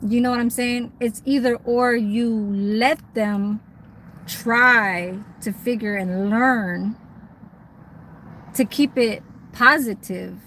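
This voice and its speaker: A woman's voice: fairly high pitch, steady tone, takes it slowly, a bit bright, a little hiss or hum, poor audio. A woman chatting on a livestream in a rambling, swearing way, with many fillers and restarts. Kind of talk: casual livestream chat.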